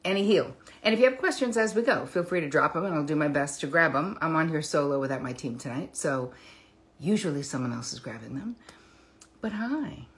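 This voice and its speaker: Low-voiced woman therapist, candid and chatty. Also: animated, fairly quick. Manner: candid and chatty, swears casually, self-deprecating. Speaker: therapist hosting a live stream. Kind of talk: solo live stream talk to viewers.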